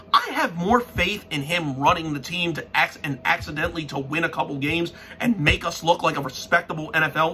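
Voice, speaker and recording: A man's voice: fairly high pitch, pushed and bright, a little hiss or hum. A young man in a profane, frustrated sports-fan rant who swears constantly and restarts his sentences.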